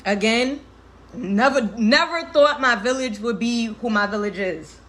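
With a fairly high, fairly bright voice and an unhurried pace, a young woman in her twenties chats casually on a livestream. She's tearful yet candid and emotional, laughing frequently and swearing freely in heavy slang.

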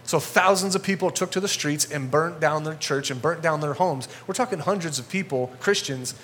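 A male pastor preaching a sermon to a congregation in a church, energetic and conversational, getting fired up as he talks. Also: a little high, moderate pace, a little hiss or hum.

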